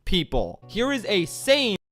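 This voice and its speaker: A man's voice: high-pitched, wildly swooping pitch, measured pace, a bit bright. A man narrating scripted video commentary, played back as a clip. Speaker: video essayist. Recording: played clip with background music.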